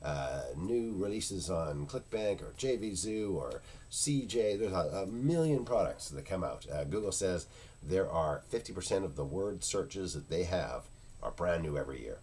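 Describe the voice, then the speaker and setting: A man's voice: sits low, animated, normal speed, a little mellow, breathy edge. A man talking casually and unscripted in a product review video, rambling and searching for words with many fillers. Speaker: internet marketing product reviewer.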